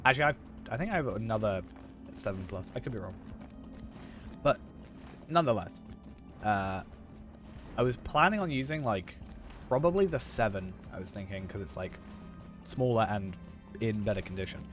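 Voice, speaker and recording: Young man, low voice, rambling casual game-stream chat, slightly hoarse, faint music behind. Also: lively intonation, moderate pace, pauses often. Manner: rambling, filler-heavy, self-correcting. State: hoarse after losing his voice. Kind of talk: casual chat while gaming.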